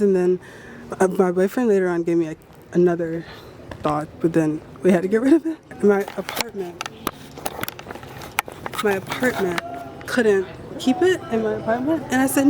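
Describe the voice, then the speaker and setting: A young woman with a medium-pitched voice, speaking at normal speed, vlogs while walking down a city street. Holding a handheld camera, she rambles and chats, telling stories with self-mocking asides. Street noise is clearly audible behind her.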